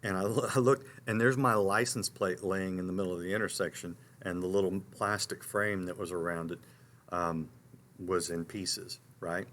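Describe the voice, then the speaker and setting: Middle-aged male talk host, tells stories animatedly, slightly low voice. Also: normal speed, a little hiss or hum. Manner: animated storyteller, frequent restarts and asides. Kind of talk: storytelling on a live talk show.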